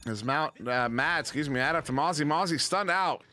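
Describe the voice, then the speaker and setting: A man's voice: a little high, sharp tone. A man casting a virtual reality sports match with play-by-play calls and playful joking asides. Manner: joking, playful asides, quotes action-hero one-liners; rapid play calling. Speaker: esports caster. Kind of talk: play-by-play commentary.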